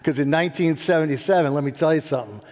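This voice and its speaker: A man in his sixties telling his story as a winery founder, animated and laughing often. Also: a little high, rapid-fire, in a large hall. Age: 60s. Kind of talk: storytelling interview.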